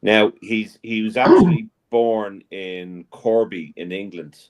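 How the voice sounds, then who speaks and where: Male co-host, lowish voice, relaxed and conversational, fond of trivia. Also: takes it slowly. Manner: relaxed, shares trivia and viewer comments. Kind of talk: casual film chat.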